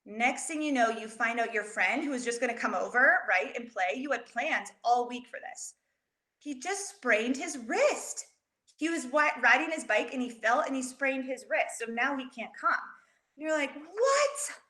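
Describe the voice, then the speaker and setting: A woman educator telling an expressive story to teach children, speaking directly to them in an animated way. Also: on the high side, moderate pace. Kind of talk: storytelling lesson for kids. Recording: roomy echo.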